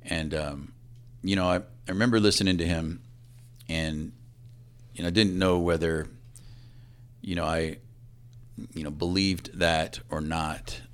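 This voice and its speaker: A man in his fifties, a police assistant chief, telling a personal story in a halting, reflective way that often trails off quietly. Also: low-pitched, steady tone, smooth.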